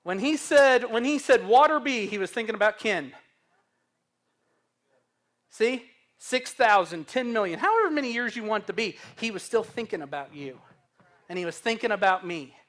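A man pastor preaching a sermon, slow and emphatic, asking the congregation questions to fill in. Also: high voice, lively intonation, a bit bright. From Missouri.

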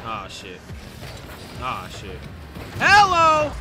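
A young man streaming a game, chatting casually and yelling at his teammates. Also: fairly high pitch, expressive, normal speed, background noise. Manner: trash-talking, breaks into loud yelling at teammates. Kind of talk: casual gameplay commentary.

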